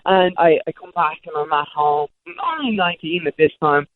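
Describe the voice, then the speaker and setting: A woman's voice: low voice, lively intonation, moderate pace. Woman talking over a tinny line. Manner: rambling, self-correcting restarts. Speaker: interview guest. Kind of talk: candid storytelling. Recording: tinny phone-like line, dry.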